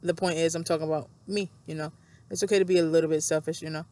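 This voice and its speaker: Speaking fast in a low, mellow voice with fairly even intonation, a woman vlogger rambles through a casual monologue. She thinks aloud, repeats herself, reflects on her own life, and stops to read scripture aloud between thoughts.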